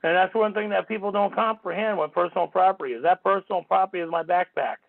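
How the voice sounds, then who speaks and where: A man's voice: high-pitched, quick pace, creaky. A man hosting a call-in radio talk show, rambling and indignant, swearing casually, heard over a tinny phone line.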